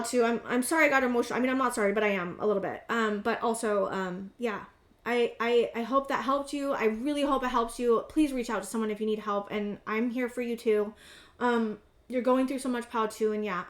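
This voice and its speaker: A woman in her thirties giving a casual tarot reading to camera, earnest and halting, often repeating words. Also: a little high. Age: 30s. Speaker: tarot reader. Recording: roomy echo.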